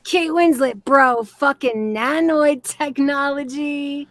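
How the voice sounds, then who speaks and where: A woman hosting a casual livestream chat, excitable and profane, peppering her talk with "yo" and "dude". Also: high voice, takes it slowly. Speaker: streamer hosting a reaction stream.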